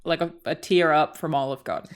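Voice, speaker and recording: A woman's voice: sits low, fairly even intonation, a little fast, clean tone. A woman in a casual podcast chat, asking wry, teasing questions. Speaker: podcast guest.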